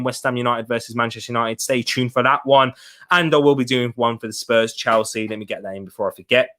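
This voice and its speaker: A man's voice: medium pitch, fairly bright tone. A young man casually hosting a football live stream, reading viewer comments and urging them to like the video. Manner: chatty, hypes viewers for likes. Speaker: football livestream host.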